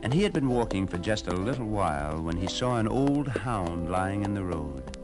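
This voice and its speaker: A man narrating children's fairy tales on a storybook record in an animated, expressive way. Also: low voice, normal speed, music in the background.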